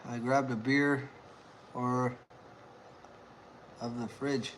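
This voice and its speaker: A man chatting casually on a live stream at home, excitable and rambling, laughing often. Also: medium pitch, very slow, a little hiss or hum. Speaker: beer review vlogger.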